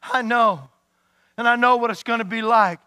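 A man voicing a grieving heavenly father, speaking slowly in a hushed, sorrowful way. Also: very high-pitched, clean tone, dry recording, clean studio sound.

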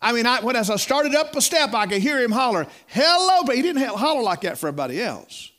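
A man's voice: very high-pitched, sing-song, fast talker, a bit bright. A middle-aged man preaching a sermon in a folksy storytelling way, repeating words and calling listeners "my friend.".

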